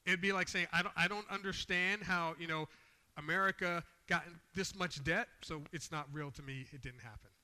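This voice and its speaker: A man's voice: fairly high pitch, moderate pace, sharp tone, in a large hall. A man preaching a sermon, reading scripture aloud with rising emphasis and explaining it in a plain, conversational way.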